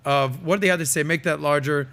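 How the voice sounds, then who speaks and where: A man's voice: on the high side, brisk, fairly bright tone. A man hosting a podcast, giving emphatic, opinionated commentary in a casual way with plenty of fillers. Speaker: podcast host.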